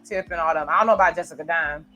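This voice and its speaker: A woman's voice: low voice, racing, a bit bright. A woman giving chatty, casual reaction commentary on a TV episode as she watches it. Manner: chatty, reacts aloud while narrating scenes. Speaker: reaction video host.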